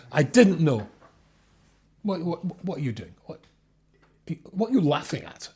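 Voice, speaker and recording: A rabbi leads a text class before a small live audience. His slightly husky voice sits a little high and swings widely in pitch as he reads and explains. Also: measured pace. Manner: lively, reads Hebrew text then explains it. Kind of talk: animated Torah class.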